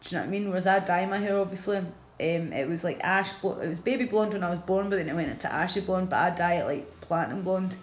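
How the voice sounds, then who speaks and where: A woman's voice: fairly low pitch, quick pace, hardly any pauses, roomy sound, slight background noise, low-quality recording. A Glaswegian woman from Scotland chatting casually on a livestream, rambling and answering her viewers' comments as she goes.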